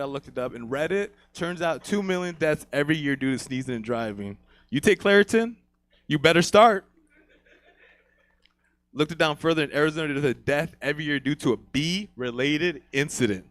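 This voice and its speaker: A man's voice: a little high, a bit bright, no echo. A man doing a crude stand-up comedy set, swaggering and laughing at his own jokes.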